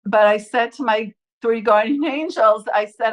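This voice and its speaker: A woman's voice: fairly high pitch, moderate pace, few pauses, low-quality recording. A woman from the New York area telling her personal near-death story in earnest, acting out what others said. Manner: earnest, acts out quotes with lively voices. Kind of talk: personal testimony, told in her own words.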